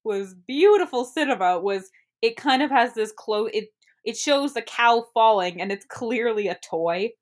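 A woman's voice: on the high side, expressive, measured pace. A woman in casual chat as a podcast co-host, rambling and giggly with many restarts.

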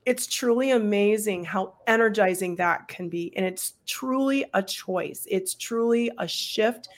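Mid-pitched woman, calm and earnest healer talking through ideas. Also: unhurried. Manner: calm, earnest, explains at length. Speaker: energy healer and spiritual coach. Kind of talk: casual spiritual chat.

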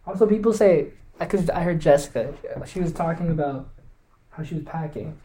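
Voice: mid-range voice, normal speed, dark tone, breathy edge, poor audio. A young adult podcast co-host in casual chat, answering in short reactions and playfully repeating words.

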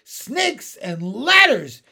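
A man voicing a blustering, panicky male fire department chief in a storybook reading, loud and excitable. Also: sits high, normal speed, pitched above the performer's own voice. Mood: panicked.

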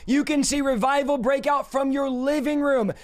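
A hoarse man preaching a fervent live-streamed sermon in a repetitive, driving cadence. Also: extremely high pitch, fairly even intonation, moderate pace. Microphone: streaming setup reading live chat.

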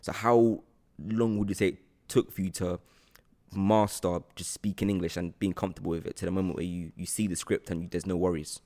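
Guy hosting a podcast, kinda low voice, chatty and rambly. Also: level tone, brisk, warm tone. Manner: friendly, rambling, laughs often. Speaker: podcast host. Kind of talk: casual podcast interview.

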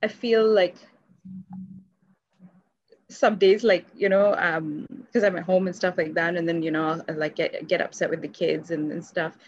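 A woman's voice: lowish voice, fairly even intonation, normal speed, husky. A woman guest in a candid interview, talking from home, rambling with many fillers and frequent laughter. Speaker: podcast guest. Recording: dull lo-fi call audio.

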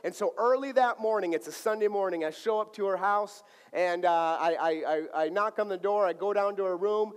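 A male pastor preaching a sermon, telling a personal story in a lively, playful way and acting out the dialogue. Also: high-pitched, normal speed, hardly any pauses, smooth. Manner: animated, acts out dialogue playfully. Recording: long hall reverb.

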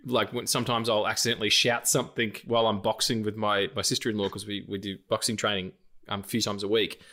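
A man's voice: lowish voice, little pitch movement, fast, bright, forceful tone. A man in his late thirties co-hosting a podcast, chatting loosely with swearing, laughs and restarts. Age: late 30s. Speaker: podcast co-host. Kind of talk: casual chat.

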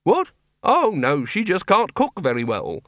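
A man voicing a huge male werewolf who speaks evenly and deliberately, with quiet menace. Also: high-pitched, no echo, studio quality, voice pushed up, full character voice. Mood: menacing calm. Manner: even, deliberate threats.

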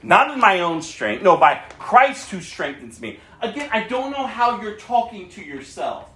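A man's voice: sits high, sing-song, measured pace, bright, forceful tone, roomy sound. A male pastor preaching a sermon, earnestly reading scripture aloud and chuckling often as he speaks.

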